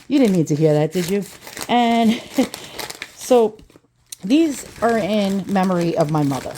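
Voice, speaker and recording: A middle-aged woman, ranting in a profane, rambling vlog with quick asides. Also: medium pitch, animated, mellow, slight background noise. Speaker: vlogger.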